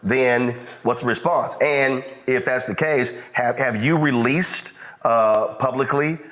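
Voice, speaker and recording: Male interviewer; measured, probing questions, frequent fillers, mid pitch. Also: a bit bright, rough recording.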